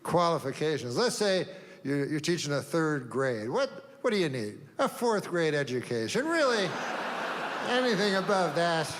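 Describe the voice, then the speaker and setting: A man doing a stand-up routine, deadpan and rambling, with long meandering setups and offhand asides. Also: fairly high pitch, normal speed, slight background noise. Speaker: stand-up comedian. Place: comedy stage before a live audience. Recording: live room reverb, faint ambience.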